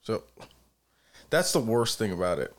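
A man's voice: fairly low pitch, very animated, a little slow. A man co-hosting a podcast, speaking bluntly and opinionated in casual chat, swearing often. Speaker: podcast co-host.

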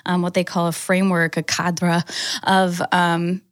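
A woman's voice: fairly low pitch, completely flat delivery, measured pace, no echo, clean studio sound. A woman co-hosting a church podcast, talking casually and hesitantly, full of "um" and "like". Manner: agreeable, hesitant, fillers like "um" and "like". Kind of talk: casual chat.

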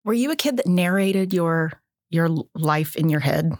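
On a casual educational podcast, a middle-aged co-host chats away, self-deprecating and frequently laughing at her own expense. She speaks at a normal speed in a lowish voice with lively intonation, and there's no echo.

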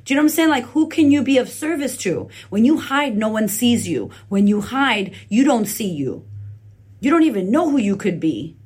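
A woman's voice: fairly high pitch, sing-song, normal speed, a little mellow, husky. A woman podcast host giving a blunt, profane motivational talk, recorded indoors on a phone leaning on a laptop. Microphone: phone camera leaning on a laptop.

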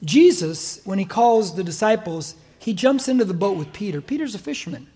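A man's voice: sits high, animated, a little fast, dark tone, husky. An older man with an American accent preaching a sermon as pastor in a church, emphatic and exhorting. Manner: emphatic, exhorting, mimics listeners' excuses.

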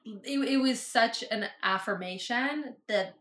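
Woman guest, chatty storyteller, bright tone, recorded in a roomy space. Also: fairly high pitch, slow. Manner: chatty, lots of likes and fillers. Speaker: podcast guest, business owner. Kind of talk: casual interview storytelling. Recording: roomy echo.

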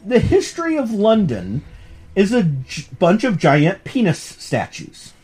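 A man's voice: high voice, unhurried. A man hosting a podcast course as professor, lecturing casually and joking along the way. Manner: animated, joking, digressive. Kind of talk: casual lecture on a comic book.

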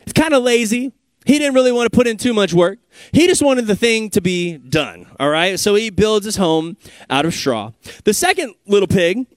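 A man's voice: high-pitched, no echo. A male pastor giving a sermon in a casual, conversational way, prompting the congregation.

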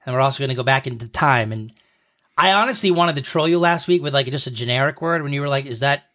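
Fast-talking and sharp-toned, with a mid-range voice, a man in his thirties sits close to the mic as co-host of a casual podcast. He quizzes his partner and explains slang in a playful, mock-lesson style.

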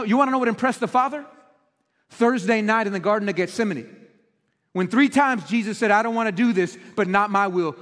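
A pastor with a high-pitched voice preaches straight to his congregation. He is earnest and questioning, and his words ring out through a long, echoing church hall. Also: a bit bright. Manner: earnest, direct address to the congregation with rhetorical questions. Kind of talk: sermon. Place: church auditorium.

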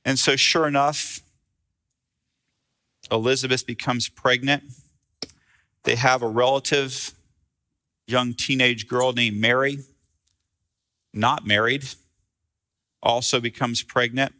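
A man's voice: mid-range voice, steady tone, takes it slowly, pauses often, sharp tone. A male pastor preaching a sermon in a conversational, storytelling way.

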